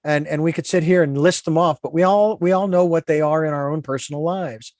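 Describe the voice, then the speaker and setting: A man's voice: a little high, a little fast, darkish tone, no echo, clean studio sound. A man hosting a radio interview show, talking in an earnest, meandering, moralizing way. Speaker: radio talk show host.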